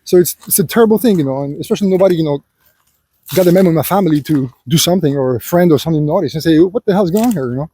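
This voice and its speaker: A man with a fairly high voice delivers a loose, rambling monologue, circling back with constant filler phrases. His tone is mellow and a little husky, and he slips into a preachy, lecturing manner, addressing the listener as "son". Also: rapid-fire. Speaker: vlogger. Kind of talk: unscripted personal monologue.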